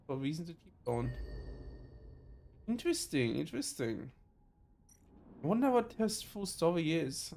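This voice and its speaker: A man's voice: on the high side, a little mellow. A man with a German accent reading game text aloud during a let's play, stumbling and correcting himself often. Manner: halting reading with frequent self-corrections. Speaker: streamer.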